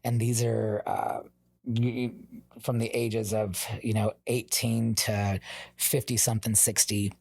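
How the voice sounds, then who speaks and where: Profane, animated storytelling man. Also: fairly low pitch, unhurried, creaky, no room sound. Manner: profane, animated, acts out quoted dialogue. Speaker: podcast guest, hairstylist. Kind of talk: casual storytelling.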